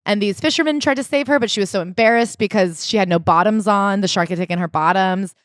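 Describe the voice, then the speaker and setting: A woman's voice: mid-range voice, quick pace, dry recording, clean studio sound. Woman co-host retelling a story. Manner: animated storytelling, retelling events with quoted voices. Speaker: podcast co-host. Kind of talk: casual book-club chat.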